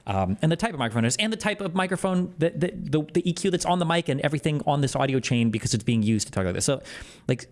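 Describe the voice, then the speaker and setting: Man, casual stream talk, lively swooping pitch, close desk mic, speeds up when worked up. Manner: fast, animated, explanatory talk that jumps up in pitch when exasperated. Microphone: close desk microphone.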